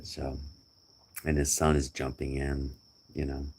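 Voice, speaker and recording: A man's voice: extremely low pitch, monotone, a little slow, darkish tone, slightly rough. A middle-aged man chatting casually to a friend, rambling and joking with chuckles. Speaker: vlogger.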